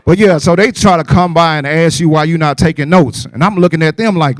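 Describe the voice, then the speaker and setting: A man's voice: fairly high pitch, a little fast, few pauses, no echo. A man doing casual stand-up comedy and emceeing, telling stories and throwing rhetorical asides to the audience.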